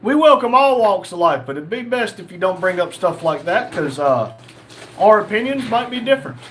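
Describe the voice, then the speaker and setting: A man's voice: sits high, very animated, moderate pace, a bit bright, slight background noise. A young man hosting a casual livestream, reading chat messages aloud and joking.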